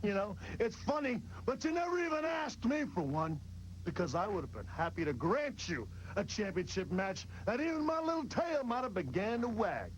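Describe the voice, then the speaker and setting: A man cutting a cocky, mocking wrestling promo with slow, drawn-out taunts. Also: high-pitched, big pitch swings, a little hiss or hum, poor audio.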